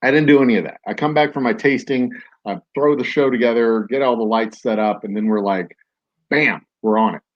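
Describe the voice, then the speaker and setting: Mid-pitched man, podcast host, rambling casual storytelling, dull lo-fi sound. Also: brisk. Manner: rambling, with many "like"s and restarts.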